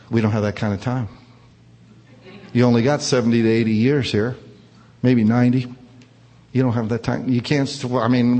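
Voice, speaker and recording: A man's voice: mid-range voice, a little mellow. A man preaching a sermon, retelling a scripture story with emphatic rises and falls. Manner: emphatic preaching, rising and falling. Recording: long hall reverb.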